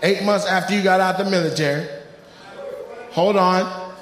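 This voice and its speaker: A man doing crowd work stand-up, teasing audience members with loud, profane banter. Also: high-pitched, steady tone, normal speed. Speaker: stand-up comedian. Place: comedy club stage before a live audience. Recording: roomy club with long reverb and audience noise. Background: audience laughter and clapping.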